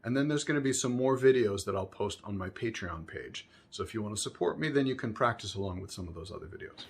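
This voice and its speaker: A man giving a spoken music lesson, explaining calmly between sung examples, with violin playing behind him. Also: on the low side, slightly rough. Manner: unhurried, explanatory, breaks into singing syllables. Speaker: music teacher.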